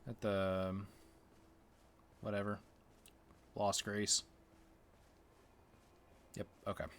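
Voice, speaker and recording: Slow, gravelly-voiced man streaming. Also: on the low side, monotone, fairly bright tone. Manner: thinking aloud, unsure, mumbling menu names. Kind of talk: casual gameplay chat.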